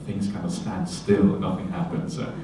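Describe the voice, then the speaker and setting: A man, a Buddhist monk, giving a conversational Dharma talk at a retreat, with many fillers and "yeah?" tags, breaking into lively quoted voices. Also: sits low, normal speed, background noise. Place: retreat hall. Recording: very echoey hall, voice from far off.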